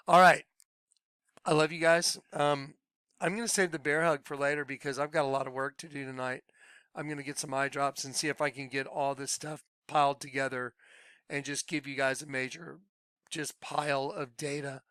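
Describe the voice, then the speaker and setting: A man talking excitedly to his viewers, laughing often and trailing off mid-sentence. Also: a little high, moderate pace, clear, resonant tone, no room sound. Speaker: video blogger. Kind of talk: rambling monologue to viewers.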